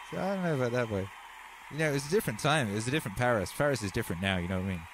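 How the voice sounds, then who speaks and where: An English man in his thirties hosting a casual livestream, talking in slang, reading out chat messages and telling stories with lively energy. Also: medium pitch, racing, a little hiss or hum. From England. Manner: animated, slangy, reads chat aloud. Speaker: livestream host.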